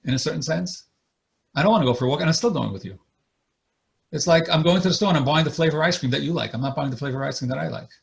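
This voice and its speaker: A man's voice: a little high, rapid-fire, vocal fry. A man, a marriage therapist, giving an earnest online lecture over a video call and explaining his points through acted examples.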